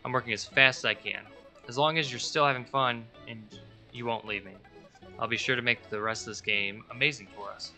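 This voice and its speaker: Fretful clingy game AI, read by a man, earnest, bright tone over faint music. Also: medium pitch, fairly even intonation, brisk. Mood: anxious. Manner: earnest, fretful, reading in character. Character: anxious needy male game AI buddy.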